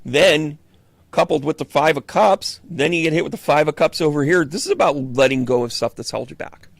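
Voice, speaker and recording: A man with a gravelly, fry-edged voice runs a live tarot reading, animated and swearing freely as he talks to viewers. The sound is dry and close. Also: fairly high pitch, dry recording. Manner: animated and profane, acting out quick voices. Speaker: medium doing tarot readings.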